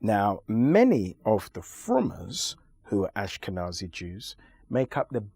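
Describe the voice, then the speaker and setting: A man being interviewed, arguing his points in a forceful, lecturing way with deliberate pauses. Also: on the low side, huge pitch swings, creaky, breathy edge, dry recording, studio quality. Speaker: interview guest. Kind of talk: emphatic conversational argument.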